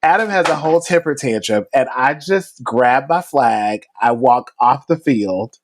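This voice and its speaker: Chatty male podcast co-host, animated storyteller. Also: mid-range voice, a little slow. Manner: animated, chatty, many likes and asides. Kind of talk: storytelling in casual chat.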